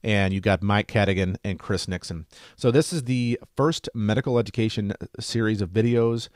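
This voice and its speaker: Chatty, low-voiced male medical educator. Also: normal speed, a little mellow, no echo, clean studio sound. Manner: chatty and enthusiastic, light joking. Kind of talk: casual screen-share lesson.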